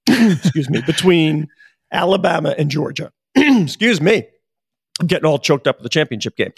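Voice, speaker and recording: A man's voice: fairly high pitch, animated, fairly quick, creaky, dry recording, studio quality. Casual male podcast co-host. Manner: conversational, asks pointed questions. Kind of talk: podcast discussion.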